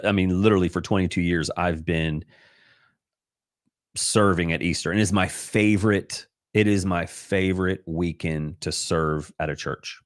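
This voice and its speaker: A middle-aged man with a very low voice speaks earnestly and with open emotion in a casual faith livestream. He rambles, restarts his sentences and fills pauses as he shares personal thoughts. The sound is dry and close, with almost no room echo. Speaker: livestream host. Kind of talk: casual devotional livestream talk. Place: home livestream. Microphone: computer livestream mic.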